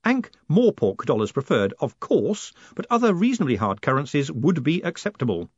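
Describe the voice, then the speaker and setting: A man voicing a confident, brisk con man who speaks sharply and smoothly, in a dry, slightly muffled recording. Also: on the high side, big pitch swings, no echo, heavily acted.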